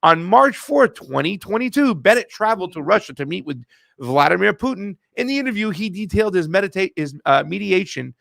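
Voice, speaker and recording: Man, gravelly voice, dry close sound, mocking slangy commentary. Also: high voice, very animated, brisk, a bit bright, no echo. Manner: slangy, laughing, mocking, calls viewers fam. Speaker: host. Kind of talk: casual political commentary.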